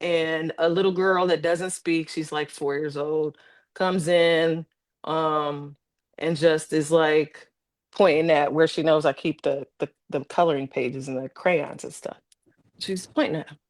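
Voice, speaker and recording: Animated, low-voiced Ohio woman telling stories. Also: measured pace, no room sound. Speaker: podcast guest, former social worker. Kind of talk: casual storytelling. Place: podcast studio.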